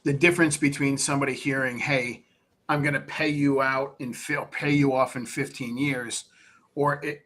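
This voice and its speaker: A man's voice: medium pitch, steady tone, moderate pace, fairly bright tone. A man being interviewed on a live stream, coaching investors in a blunt, plain-spoken way and acting out talks with sellers. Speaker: real estate investor guest.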